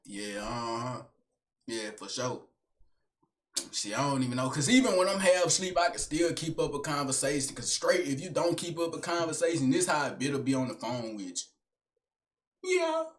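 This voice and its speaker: A young man rambling through a comedic vlog monologue in slangy street talk, animated and joking. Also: a little high, brisk. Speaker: vlogger.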